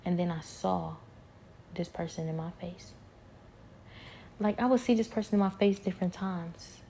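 A woman with a gravelly voice giving a hushed, rambling personal spiritual testimony, often dropping to a whisper. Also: on the low side, moderate pace, a little hiss or hum.

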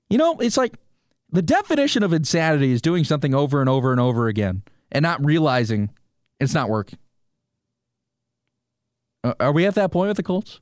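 A man's voice: on the high side, moderate pace, long pauses, no room sound, studio quality. A man hosting a solo sports podcast, ranting with rhetorical questions and talking straight to his listeners. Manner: animated, rhetorical, talks to listeners directly. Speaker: sports radio host.

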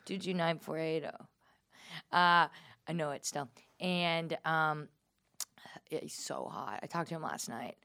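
A young woman comedian hosts a loose, casual chat with a low-pitched voice. She tells self-deprecating stories and slips into quick voices for everyone in them. The sound is dry and close. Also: gravelly, sharp tone, dry recording. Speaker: comedian and podcast host.

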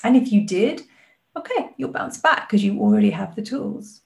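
A woman guest on a podcast, a life coach talking in an animated, earnest way. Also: medium pitch, moderate pace, creaky. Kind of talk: podcast conversation.

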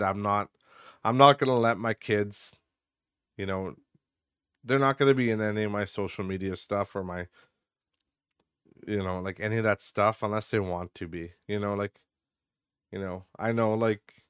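A man's voice: lowish voice, fairly bright tone, smooth, no room sound. A young adult man hosting a casual solo podcast, ranting with frequent swearing and lots of filler words into a close mic. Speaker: podcast host.

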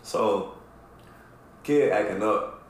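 A man on a podcast telling a long, profane story in a casual, animated way, acting out what people said. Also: lowish voice, extremely slow, a little hiss or hum. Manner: animated, profane storyteller who acts out quotes. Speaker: podcast co-host. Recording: echoey room with faint ambience.

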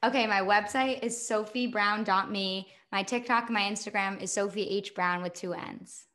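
A young woman, a podcast guest, telling stories in a chatty, animated way and laughing often. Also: medium pitch, normal speed. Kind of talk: casual podcast chat.

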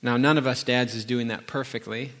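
A man's voice: medium pitch, steady tone, fairly quick, a bit bright. A middle-aged man preaching a sermon, telling a family story and acting out the dialogue in a conversational way. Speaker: pastor.

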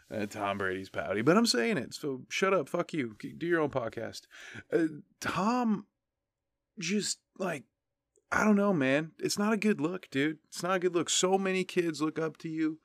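A man's voice: on the low side, fairly bright tone, dry recording, studio quality. Profane ranting man on a podcast. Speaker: podcast host. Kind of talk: casual solo podcast rant.

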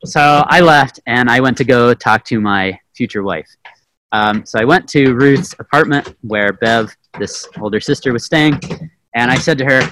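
A man teaching a Bible lesson through a personal story, animated and self-mocking with plenty of fillers. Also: mid-range voice, normal speed, slight background noise, poor audio. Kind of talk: storytelling sermon.

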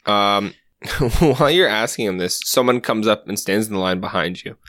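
A man running a tabletop game as game master, casual and halting, often laughing. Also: fairly low pitch, a bit bright, no echo.

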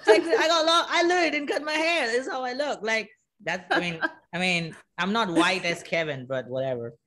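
A man's voice: sits high, a little fast, crowd noise. A man co-hosting a casual podcast, joking around, laughing often and swearing. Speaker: podcast co-host. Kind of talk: casual chat.

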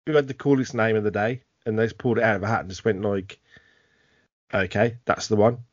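A man's voice: lowish voice, fairly even intonation, fast, no room sound, lo-fi sound. A British man co-hosting a podcast, chatting drunkenly, laughing often and swearing. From Britain. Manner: laughs a lot, swears, loose mock-Cockney banter. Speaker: podcast co-host. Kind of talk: drunken casual chat.

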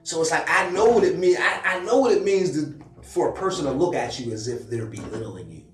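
A man who raps, telling a story in casual chat with profane slang and loud acted-out quotes. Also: fairly high pitch, brisk, echoey room, distant mic, soft background music. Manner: animated, profane street slang, acts out quotes loudly. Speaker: rapper.

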